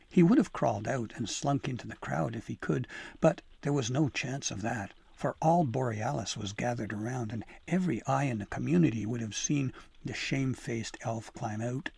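Male audiobook narrator, gravelly and husky, dry close recording. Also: mid-range voice, dry recording. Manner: measured, expressive reading. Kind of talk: storybook narration.

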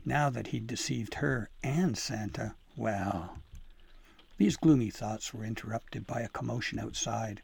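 A man narrating a children's storybook chapter in a measured, expressive reading. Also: lowish voice, creaky, slightly rough, no room sound. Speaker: audiobook narrator.

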